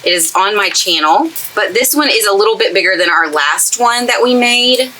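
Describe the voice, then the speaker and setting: Bright, chatty woman. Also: mid-range voice, animated, moderate pace, slight background noise, rough recording. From East Texas. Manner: chatty, gushing and enthusiastic. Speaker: craft channel host. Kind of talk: casual craft tutorial chat. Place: craft space in a camper trailer.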